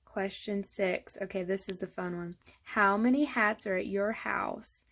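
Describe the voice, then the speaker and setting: A woman preschool teacher reading a storybook aloud to young children, slow and expressive, then asking soft, gentle questions. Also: medium pitch.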